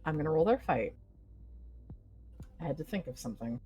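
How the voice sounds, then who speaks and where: A woman narrating as game master, making quick rule calls over faint music. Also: deep voice, lively intonation, dark tone.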